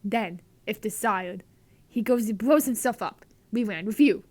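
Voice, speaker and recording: A woman's voice: medium pitch, a little slow, a little mellow, natural voice. Brief: woman playing a resentful, sneering aunt. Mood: bitter.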